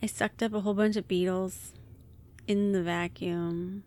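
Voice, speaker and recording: A woman's voice: medium pitch, steady tone, a little slow, darkish tone. A woman co-hosting a podcast in a casual chat, talking freely and laughing often. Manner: chatty, laughs often, many likes. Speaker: podcast co-host.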